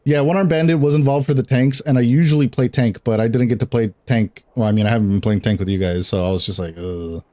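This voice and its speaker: A man's voice: medium pitch, fast, few pauses, dark tone. A young man streaming and chatting casually about games, rambling, swearing a lot and laughing often. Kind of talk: casual chat while gaming.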